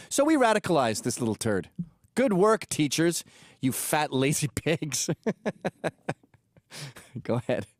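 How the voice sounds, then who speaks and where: A man's voice: on the high side, sing-song, moderate pace, dry recording, studio quality. A man from England hosting a commentary show, reacting to video clips in a crude, sarcastic and mocking way. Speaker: host.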